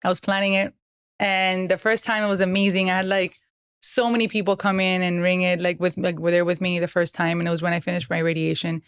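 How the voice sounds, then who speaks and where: Woman, gravelly fry, dry close sound, earnest candid storytelling. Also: lowish voice, no echo. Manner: earnest, heartfelt, many fillers. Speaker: guest, cancer survivor.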